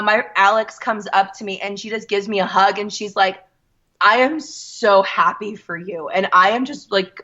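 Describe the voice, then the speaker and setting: A woman telling a lively story as a guest, quoting people as she goes. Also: mid-range voice, dull audio. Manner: animated, quotes others in her story. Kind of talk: casual storytelling.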